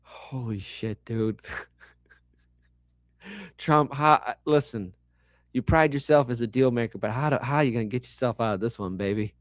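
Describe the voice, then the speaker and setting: A man hosting reaction commentary, animated and sarcastic, swearing often and talking with lots of fillers. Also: medium pitch, unhurried, long pauses, no room sound, studio quality. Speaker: commentary host.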